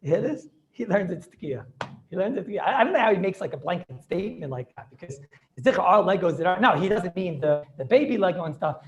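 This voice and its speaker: Fast-talking joking rabbi on video call. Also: male voice, high-pitched, expressive, muffled recording, a crowd in the background. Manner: rapid, joking, talks back to students. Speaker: rabbi teaching a class. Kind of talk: informal Torah class on video call.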